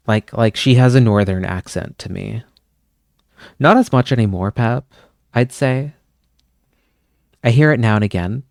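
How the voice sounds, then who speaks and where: A man's voice: mid-range voice, unhurried, gravelly, long pauses, a little mellow, no room sound, studio quality. A young man from Pennsylvania hosting a live stream, chatting casually with viewers in a rambling way and wandering off on tangents. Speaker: livestream host.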